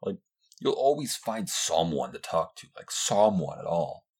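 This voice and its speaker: Young man, husky low voice, solo podcast rant, profane, rambling, fillers everywhere. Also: very animated, a little slow, darkish tone. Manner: mocks others in high squealing voices. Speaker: podcast host.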